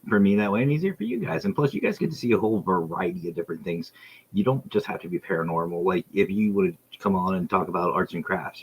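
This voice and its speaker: A man's voice: sits low, slight background noise, low-quality recording. A man hosting his own podcast livestream, chatting casually and enthusiastically with viewers and reading their messages aloud. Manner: rambling, enthusiastic, reads chat aloud. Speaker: podcast host. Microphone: streaming setup.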